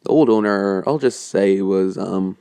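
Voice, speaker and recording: Male storyteller, low gravelly voice, dry close sound, rambling improvised delivery. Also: a little slow, dark tone, dry recording. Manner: rambling, hesitant, many fillers and self-corrections. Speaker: fan story narrator.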